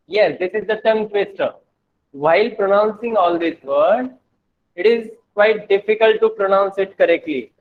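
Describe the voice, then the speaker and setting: A male teacher with an Indian accent giving an online English lesson to children, speaking slowly and repeating words for the class. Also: high-pitched, slight background noise. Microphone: video call. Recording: tinny phone-like online call audio.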